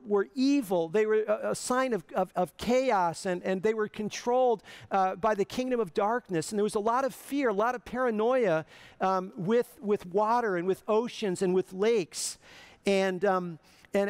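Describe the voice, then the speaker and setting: A male pastor delivers a sermon with a high-pitched voice that is smooth and resonant. He talks earnestly and conversationally, often stumbling and restarting his phrases as he goes.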